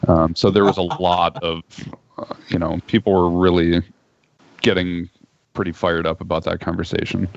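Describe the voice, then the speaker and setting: Gravelly, deep-voiced man on a video call. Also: flat delivery, moderate pace, no echo. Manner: laid-back, joking, hesitant with fillers. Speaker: guest. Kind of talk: casual chat. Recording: muffled video call audio.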